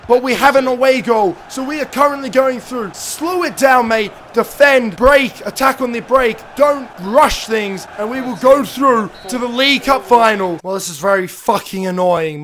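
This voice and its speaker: A young man with a hoarse voice, giving excitable, sweary gameplay commentary as a gaming YouTuber. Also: extremely high pitch. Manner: excitable, swearing, bursts into shouts.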